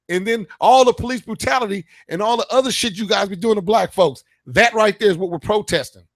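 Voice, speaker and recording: A man's voice: sits high, a bit bright, no room sound, clean studio sound. A man hosting a radio show, ranting in a heated, profane, emphatic way in casual talk. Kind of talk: casual political rant.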